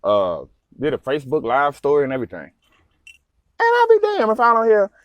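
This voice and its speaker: A man, a truck driver, telling a story in a casual vlog, animated, swearing freely and full of fillers. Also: high-pitched, brisk, no echo.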